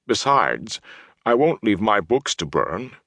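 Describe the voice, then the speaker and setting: A man reading the lines of a huge, bookish male Ogier in a calm, earnest voice, lively in pitch. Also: slow pace, creaky, no echo, heavily acted.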